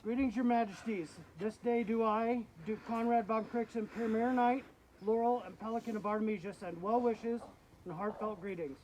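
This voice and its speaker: Man w a high voice reading out a formal letter, noisy outdoors. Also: fairly even intonation, moderate pace, darkish tone.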